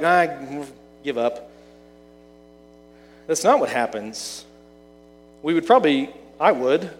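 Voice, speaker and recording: A man delivers a sermon in an easygoing, conversational tone, often asking his listeners questions. His voice sits a little on the high side. The sound carries a long reverb, as in a large hall. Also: a little mellow. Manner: conversational preaching with rhetorical questions. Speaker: pastor.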